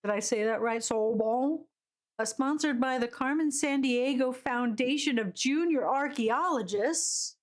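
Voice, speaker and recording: A woman's voice: high voice, moderate pace, few pauses. A woman streaming a video game, chatting casually with her viewers and giggling often. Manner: chatty, giggly, greets chat. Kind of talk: live game commentary.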